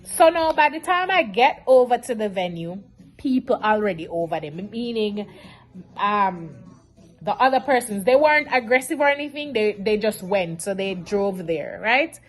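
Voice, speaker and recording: A woman, telling a storytime vlog in an animated, emotional way. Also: mid-range voice, normal speed. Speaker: vlogger.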